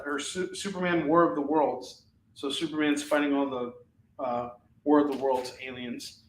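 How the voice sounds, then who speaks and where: Casual man pitching comics in echoey room. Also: a bit bright. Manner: casual, rattles off items and prices, many fillers. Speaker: live shopping show host. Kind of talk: live comic sales pitch.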